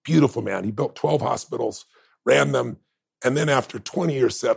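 A man with a heavily gravelly, rough-edged voice talks as a guest in a conversation. He tells stories with open emotion and firm emphasis, leaning hard into the moments that matter to him. His voice has a husky, breathy edge throughout. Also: medium pitch, moderate pace. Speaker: interview guest. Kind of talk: heartfelt conversational storytelling.

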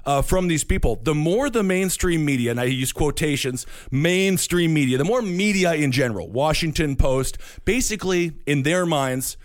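A man's voice: on the high side, lively intonation, normal speed, few pauses, no room sound. Rambling Midwestern man, dry sound. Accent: Midwestern American. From Wisconsin. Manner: rambling, restarts, wry asides. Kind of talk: casual political chat.

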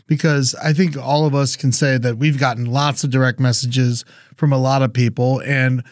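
A man's voice: medium pitch, little pitch movement, moderate pace, no room sound. Rambling podcast host man, dry close mic. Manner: rambling, many restarts and fillers. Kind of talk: casual chat.

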